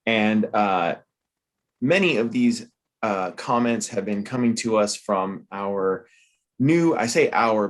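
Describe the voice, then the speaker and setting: A man with a fairly low voice co-hosts a casual chat. He is playful and showy, and he stretches his build-ups like an announcer. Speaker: co-host.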